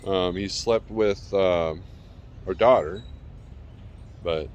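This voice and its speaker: A man's voice: deep voice, slow, darkish tone. A man chatting casually in a vlog from his backyard, rambling and calling out to his dog between thoughts. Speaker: vlogger. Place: backyard outdoors.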